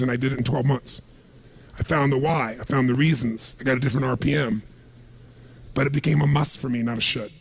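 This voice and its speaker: A man's voice: medium pitch, fairly even intonation, fast talker. A man giving an emphatic motivational seminar talk, calling out questions to a live audience. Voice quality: raspy, gravelly. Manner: emphatic, calls out questions for the crowd to answer. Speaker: motivational speaker.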